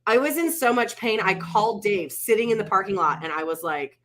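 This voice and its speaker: A woman's voice: medium pitch, lively intonation, brisk, fairly bright tone. A middle-aged woman co-hosting a casual chat show, telling a story with animation and acting out what people said. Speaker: podcast co-host.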